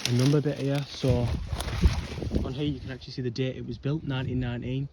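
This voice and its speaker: A man's voice: mid-range voice, level tone, fast. A young man giving casual walking commentary while he explores old ruins, rambling with lots of ums, a bit out of breath. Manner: rambling, chatty, frequent ums and whatnots. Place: outdoors on a windy hillside. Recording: noisy outdoor camera audio.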